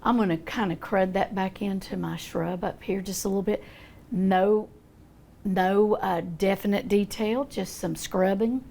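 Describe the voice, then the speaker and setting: A woman's voice: medium pitch, steady tone, a little slow, creaky, dark tone. An older woman demonstrating a painting, talking in a chatty, folksy way as she thinks aloud. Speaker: art teacher.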